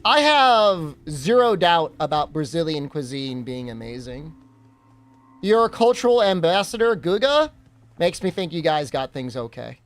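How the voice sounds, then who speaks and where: Young american guy streaming, high voice, bouncy and joking, answering chat. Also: a little slow. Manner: animated, joking, reacting to chat questions. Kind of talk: casual chat with live chat.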